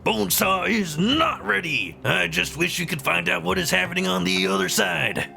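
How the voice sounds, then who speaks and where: A hulking rock-creature explorer in a gravelly, fried-out growl, pitched high and harsh with a cutting edge. He drawls every line like a macho wrestler, boisterous and sure of himself. Game music plays underneath. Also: moderate pace, bright, forceful tone, exaggerated voice. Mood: gruff, boisterous. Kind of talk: voicing game dialogue on a live stream.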